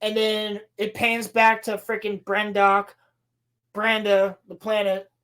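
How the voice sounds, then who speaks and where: A woman's voice: mid-range voice, slow pace, clean tone. A woman co-hosting a podcast, recapping a show in a sarcastic, profane, exasperated way and acting out the characters' lines. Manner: animated storytelling with acted-out quotes. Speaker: podcast co-host.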